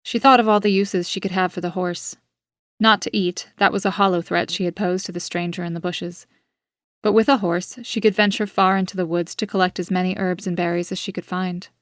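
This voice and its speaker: A woman reads her own dark story aloud in a steady, measured way. Her voice sits a little low and stays quite flat in pitch. The recording is close and dry, with no room sound. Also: no room sound. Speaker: author and narrator. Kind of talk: scripted audiobook narration.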